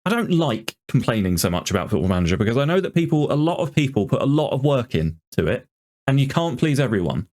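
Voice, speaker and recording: A man's voice: mid-range voice, big pitch swings, fast talker, a little mellow. A man commentating on his football management game, ranting in exasperation about it. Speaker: gaming YouTuber.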